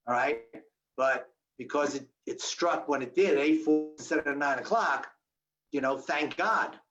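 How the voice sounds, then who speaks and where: A man telling a survival story to an audience, acting out the dialogue with sudden jumps in his voice. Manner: animated, acts out quoted dialogue with sharp pitch jumps. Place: audience hall. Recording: dull lo-fi recording.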